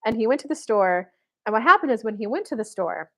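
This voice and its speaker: A woman's voice: fairly high pitch, lively intonation, fast. A woman dating and spiritual coach, talking casually to camera in a chatty way, telling stories with many fillers. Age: adult mother of boys.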